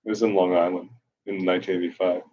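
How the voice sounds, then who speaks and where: Brief: man, 40s, low husky voice, rambling live-stream reader, self-mocking humor, dull lo-fi audio. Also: little pitch movement, quick pace. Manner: wry, self-mocking, off-the-cuff. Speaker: blogger reading his posts on a live stream.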